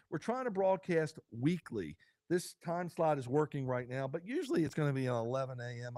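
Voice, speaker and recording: A man's voice: mid-range voice, darkish tone, no echo. A man hosting his own vodcast from a studio, talking casually and rambling with fillers and restarts. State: choked up with emotion. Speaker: podcast host. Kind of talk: casual solo vodcast talk.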